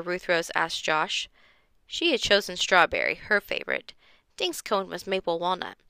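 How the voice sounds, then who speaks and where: A woman reads a children's chapter book aloud, giving each character a voice. Her tone is bright with a gravelly edge. The sound is dry and close. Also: on the low side, huge pitch swings, normal speed, no echo. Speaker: reader.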